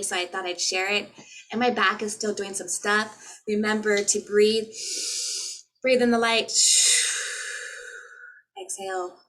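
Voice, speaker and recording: A woman's voice: medium pitch, pushed and bright, low-quality recording. A woman, a spiritual healer, talking to her viewers in a casual, earnest and motivational way, recorded on a laptop mic. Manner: earnest, motivational, with chanted light language. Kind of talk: casual spiritual vlog talk.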